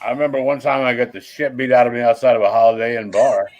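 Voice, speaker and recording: A man's voice: medium pitch, little pitch movement, fast talker, a little mellow, highs cut off. A man talking as a guest in a casual chat, laid-back and dryly self-mocking.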